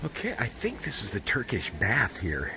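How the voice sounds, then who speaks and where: A man's voice: on the low side, huge pitch swings, moderate pace, gravelly. A man narrating a casual travel vlog while walking up a steep road outdoors, thinking aloud and out of breath. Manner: chatty, thinking aloud while hiking uphill. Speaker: travel vlogger. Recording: outdoor ambience and background noise.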